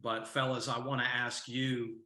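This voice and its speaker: A man's voice: medium pitch, little pitch movement, measured pace, pushed and bright, reverberant. An older man, a coach, telling a story and asking the audience questions in a motivational talk to a men's group.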